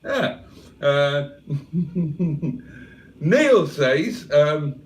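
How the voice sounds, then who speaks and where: A man's voice: on the high side, slow, pauses often, recorded from a distance. A man from England hosting a casual livestream, reading the chat aloud with cheeky banter. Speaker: livestream host.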